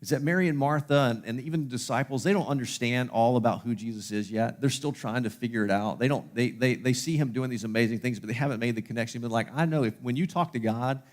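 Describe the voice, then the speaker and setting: A man preaching a sermon at a mid-range pitch. He tells the story with animation, speaking the characters' lines in his plain voice. He slows down and grows softer on the key lines. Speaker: pastor.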